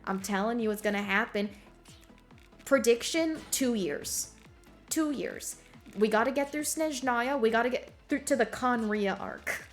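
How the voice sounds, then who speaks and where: A woman's voice: a little high, normal speed, faint music behind. A woman streamer chatting casually with her viewers while gaming, bubbly and giggly, full of slang.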